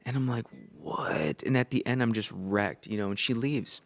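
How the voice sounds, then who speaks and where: A young man from Minnesota, a podcast guest, telling earnest, lively faith stories in casual chat and acting out the voices of the people in them. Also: on the low side, normal speed. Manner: lively, acts out voices in his anecdotes, earnest. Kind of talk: animated storytelling in casual chat.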